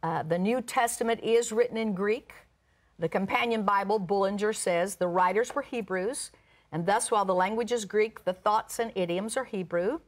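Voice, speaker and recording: Woman pastor at a mid pitch, teaching scripture with explanations and "uh" fillers. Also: normal speed. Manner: reads scripture aloud, explains words; uses "uh" fillers. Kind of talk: Bible teaching.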